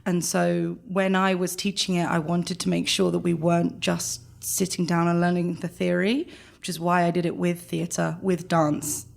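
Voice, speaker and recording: A woman with a London accent, a guest chatting casually in an interview, animated and quick to laugh. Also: lowish voice, gravelly. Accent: London English. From London, England. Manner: animated, laughs often, rapid bursts. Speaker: guest, chamber engagement director.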